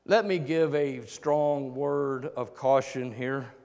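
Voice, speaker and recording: A man preaching a sermon, shifting between loud emphatic lines and hushed low ones. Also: fairly even intonation, slow pace. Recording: long reverb of a large hall.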